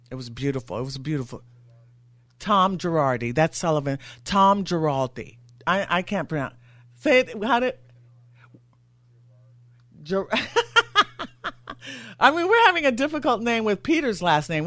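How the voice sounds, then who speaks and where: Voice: mid-range voice, fairly bright tone, dry recording. A talk radio host in a studio, getting worked up and firing off rhetorical questions.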